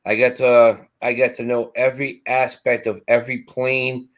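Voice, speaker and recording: A middle-aged man casually telling a long story, animated and acting out the voices of the people in it. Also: mid-range voice, normal speed. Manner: animated, acts out quoted voices. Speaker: co-host.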